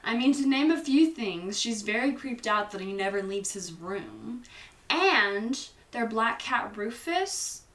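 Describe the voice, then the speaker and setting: A young woman chats through a movie recap, unhurried and playful, acting out the characters' lines. Her voice is bright and fairly high. She sounds a little away from the mic in a roomy space. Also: expressive, far from the mic, a little hiss or hum. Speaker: host.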